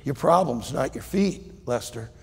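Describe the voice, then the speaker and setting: A man voicing a calm, stern male doctor who answers in short, low, firm lines. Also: unhurried, vocal fry, husky, long reverb tail, heavily acted.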